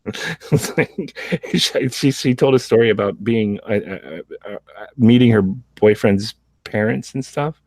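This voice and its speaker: A man's voice: on the low side, measured pace, hardly any pauses, darkish tone, dry recording. A man hosting a casual podcast chat, rambling with restarts and frequent laughs. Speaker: show host.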